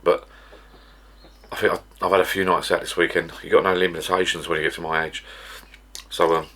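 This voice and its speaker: A man's voice: sits low, flat delivery, fairly quick, pushed and bright, slight background noise. A middle-aged man from the UK, chatting casually and rambling in a home vlog from his garden bar shed. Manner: rambling and chatty, with frequent restarts. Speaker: vlogger.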